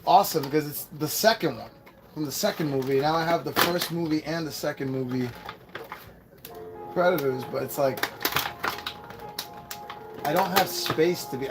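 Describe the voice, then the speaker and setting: Chatty, cursing man with a fairly high voice. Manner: rambling, profane, chatty with viewers. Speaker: host. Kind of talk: casual live unboxing chat. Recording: clear background music. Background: music.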